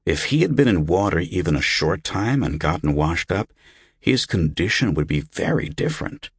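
A man voicing a calm, puzzled monk physician who explains things in a measured, clinical way in a storybook reading. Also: deep voice, slightly rough, no echo, clean studio sound, exaggerated voice.

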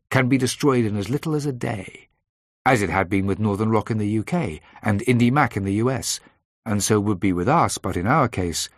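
A man reading a first-person thriller aloud in a measured, dry storytelling manner. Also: on the low side, no echo. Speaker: audiobook narrator.

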